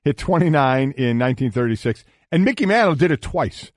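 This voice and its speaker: A man's voice: mid-range voice, animated, dry recording, clean studio sound. Sarcastic male sports radio co-host. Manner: sarcastic, halting with fillers.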